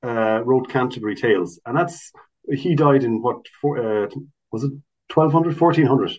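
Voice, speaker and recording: A man's voice: medium pitch, lively intonation, moderate pace, darkish tone, poor audio. A man, a guest in a casual interview, talking in a chatty, explanatory way full of restarts and asides. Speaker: guest, Irish language officer.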